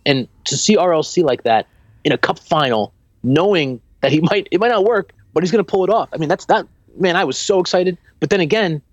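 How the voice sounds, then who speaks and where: A man co-hosting a casual football podcast, talking in an animated, rambling way with many restarts. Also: on the high side, fairly quick, no room sound, highs cut off. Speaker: podcast co-host.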